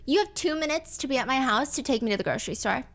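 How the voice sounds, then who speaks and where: A woman's voice: high-pitched, expressive, fast, faint music behind, pitched above the performer's own voice. Woman reading as a curt, demanding young woman. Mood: scornful. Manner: curt, scornful.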